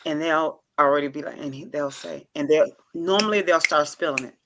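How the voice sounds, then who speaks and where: A woman's voice: deep voice, brisk, a bit bright. A woman hosting a casual storytelling vlog, chatty and playful, who often acts out the dialogue. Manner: chatty and informal, with many interjections. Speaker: channel host.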